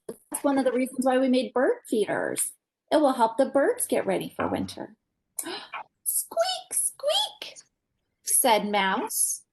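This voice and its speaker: Brief: woman reading aloud to small kids on a video call, high, lively, unhurried, full of gasps. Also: breathy edge, rough recording. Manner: animated, gasping, asks children questions. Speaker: parent educator. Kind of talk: reading a picture book to young children.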